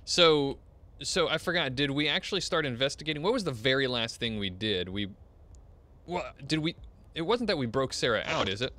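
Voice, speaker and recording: A man's voice: medium pitch, animated, moderate pace, bright, forceful tone, a little hiss or hum. A man chatting casually while playing an online game with friends, rambling and restarting his sentences. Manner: rambling, restarts, laughs often. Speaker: gamer on a playthrough show. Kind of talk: casual gaming chat.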